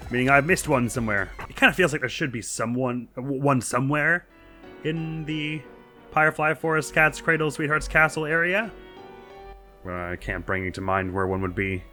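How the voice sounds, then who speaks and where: A young man with a bright, forceful voice talks through a video game in loose, chatty commentary. He is self-deprecating and laughs often, over faint game music. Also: mid-range voice. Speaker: let's play host. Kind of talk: casual gameplay commentary.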